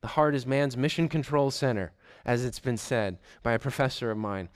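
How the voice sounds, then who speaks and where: A man preaching a sermon, emphatic and deliberate, stressing points by repeating short phrases. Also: mid-range voice, clear, resonant tone, no room sound. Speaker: pastor.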